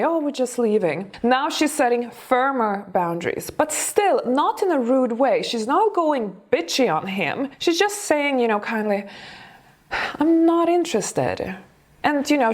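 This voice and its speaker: A woman dating coach giving chatty, encouraging commentary on TV clips, laughing often. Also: fairly high pitch.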